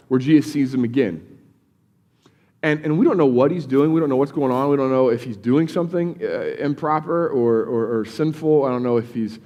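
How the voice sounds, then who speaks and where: A man's voice: medium pitch, a little mellow, in a large hall. A male pastor giving a casual, conversational sermon in a church, often repeating words as he starts sentences. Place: church sanctuary.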